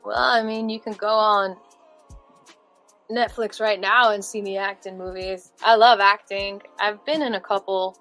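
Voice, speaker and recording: A woman musician in a casual interview, chatty and animated, with lots of fillers. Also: medium pitch, unhurried, faint music behind, poor audio. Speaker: musician guest.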